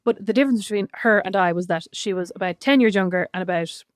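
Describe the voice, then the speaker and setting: Fast-talking chatty podcast woman. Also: medium pitch. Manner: chatty storyteller, laughs often, swears casually. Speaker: podcast co-host. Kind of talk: casual chat.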